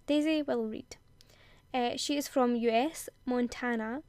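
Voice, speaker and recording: A woman's voice: on the high side, unhurried, darkish tone, smooth, no room sound. A young woman hosting a gaming video, reading character bios aloud, giggling and tripping over words. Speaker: gaming channel host.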